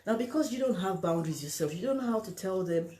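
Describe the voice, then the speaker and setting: Speaking fast to the camera, a woman gives relationship advice with emphasis, acting out what other people say and asking "you understand?" Her mid-range voice is expressive and dark in tone, and the room is echoey.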